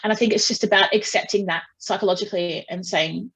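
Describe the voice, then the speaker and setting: A woman speaks in a loose, chatty way, at a middling pitch, with many restarts and asides. She tells her story at length and briefly acts out the people in it. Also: fairly even intonation, fast, a bit bright, husky, rough recording. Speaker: singer being interviewed. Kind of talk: casual interview talk.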